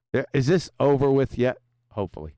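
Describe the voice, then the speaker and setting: A man's voice: medium pitch, warm tone, no echo, studio quality. A man hosting a livestream, mocking his opponent with profanity and reading super chats aloud with frequent laughs. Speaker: livestream host.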